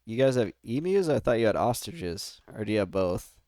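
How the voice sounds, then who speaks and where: During a casual gaming stream, an American man talks fairly quickly in a low, slightly mellow voice with big pitch swings, rambling and laughing often with his audience. The recording is dry and studio quality.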